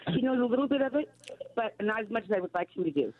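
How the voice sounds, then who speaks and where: A woman caller on a radio call-in show, talking in halting, restarting phrases. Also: on the high side, animated, no echo. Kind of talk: phone call-in. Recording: dull phone line.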